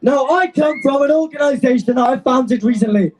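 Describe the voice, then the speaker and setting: A young man, a student activist, giving an impassioned, defiant speech to an outdoor rally, shouting and out of breath. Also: extremely high pitch, brisk, faint music behind, poor audio. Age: young adult.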